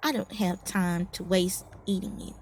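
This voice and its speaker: A woman's voice: medium pitch, little pitch movement, moderate pace, a little mellow, a little hiss or hum, lightly acted. A woman voicing a proud, mighty male lion in a storybook fable, boastful and dismissive.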